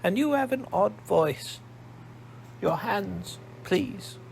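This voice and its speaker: A man voicing a sharp-eared, imperious old woman with a posh English accent, speaking slowly and probingly. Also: high-pitched, expressive, vocal fry, slight background noise, pitched above the performer's own voice, exaggerated voice. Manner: slow, probing, commanding.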